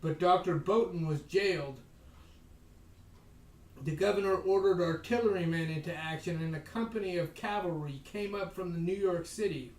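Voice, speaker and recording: A man with a high voice reads history aloud in a measured way, slowing on key phrases and adding dry asides of his own. He sits some way back from the microphone. The room is echoey. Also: a little mellow. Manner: measured reading, slows for emphasis, adds wry asides. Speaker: podcast host reading history aloud. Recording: echoey room, voice distant from mic.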